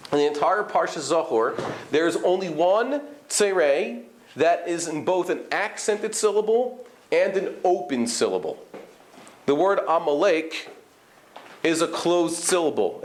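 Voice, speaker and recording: Male rabbi-teacher, slightly high voice, classroom lecture that demonstrates sounds and quizzes the class, echoey hall. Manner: explanatory, questions the class, demonstrates vowel sounds. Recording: echoey room.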